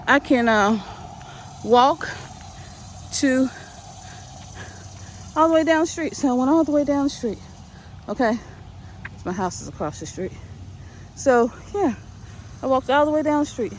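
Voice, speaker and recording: A breathless middle-aged woman walks down a neighborhood street, filming herself on her phone and urging viewers on with repeated, preachy encouragement. Her voice sits a little high for a woman. Faint outdoor street noise runs behind her. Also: animated, measured pace, pauses often. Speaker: vlogger. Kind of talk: casual motivational vlog while walking.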